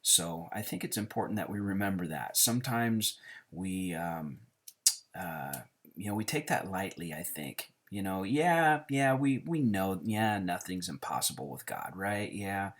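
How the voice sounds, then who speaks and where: Very low-voiced man teaching, halting. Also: very animated, a bit bright. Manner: halting, many fillers and restarts. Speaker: Greek teacher. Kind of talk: casual teaching with a whiteboard.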